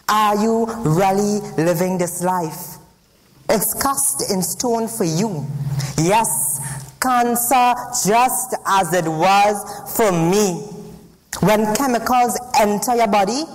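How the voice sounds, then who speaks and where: A teenage girl with a Trinidadian accent performs spoken word poetry at a slam. She delivers each line slowly and deliberately, dropping low and quiet on the darkest phrases. Her voice carries a long reverb off the large hall. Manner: dramatic, slow and deliberate, sinking low and soft on grim lines. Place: large hall at a school event.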